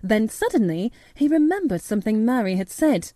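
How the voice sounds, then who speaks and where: A woman narrating a storybook in a measured, steady reading voice. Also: a little high, no room sound. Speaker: audiobook narrator.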